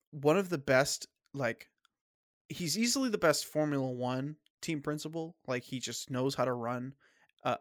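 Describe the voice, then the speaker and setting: A man hosting a casual sports podcast, opinionated and halting, often restarting his sentences, with a bit of a cough. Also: mid-range voice, fairly bright tone, no room sound, clean studio sound. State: coughing, clearing throat. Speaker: podcast host.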